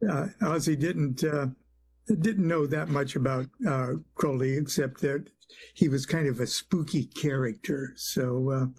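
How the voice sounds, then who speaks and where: A man being interviewed on late-night radio, answering thoughtfully with many pauses and fillers. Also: mid-range voice, vocal fry, a little mellow. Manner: hesitant, many uhs, thoughtful, chuckles. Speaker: guest, author and singer-songwriter.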